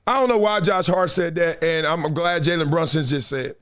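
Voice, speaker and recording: A middle-aged man hosting a live sports talk show, animated and emphatic, often laughing. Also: a little high, brisk, hardly any pauses, clean tone. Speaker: host.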